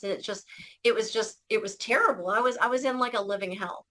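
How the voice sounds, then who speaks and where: A woman's voice: fairly high pitch, a little fast, fairly bright tone, rough recording. A woman telling her personal story as an interview guest, earnest and emotional, often restarting her sentences.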